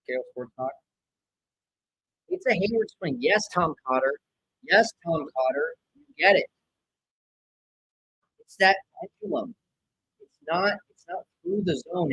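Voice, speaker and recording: A man's voice: fairly high pitch, measured pace, long pauses, poor audio. A man hosting a live baseball watch-along stream, cheering, griping about players and reading out viewer chat messages. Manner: excitable, swings from cheering to griping; reads out viewer chat names. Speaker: live stream host reacting to a baseball game.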